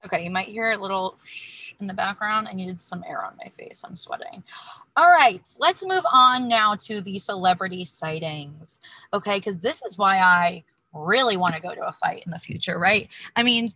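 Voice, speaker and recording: A woman's voice: medium pitch, moderate pace, sharp tone, no room sound. A young woman hosting a podcast, chatting casually with slangy talk and dramatic reactions. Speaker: podcast host. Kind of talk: casual chat.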